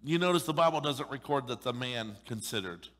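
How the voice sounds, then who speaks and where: A middle-aged man preaching a sermon in a church, joking and animated, with playful acted asides. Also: mid-range voice, fairly quick, noisy background. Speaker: pastor. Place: church sanctuary. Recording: long reverb of a large hall.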